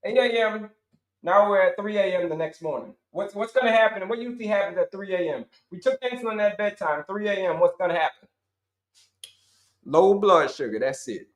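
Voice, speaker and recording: A middle-aged man, a health coach, teaching viewers in an animated, repetitive way, calling them folks. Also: sits high, fairly quick. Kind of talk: live-stream teaching talk. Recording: roomy echoey sound.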